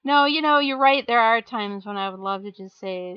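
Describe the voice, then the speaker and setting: A woman's voice: on the high side, moderate pace, smooth, no room sound, lo-fi sound. A woman live streaming as she paints miniatures, chatting casually and self-deprecatingly while answering her chat.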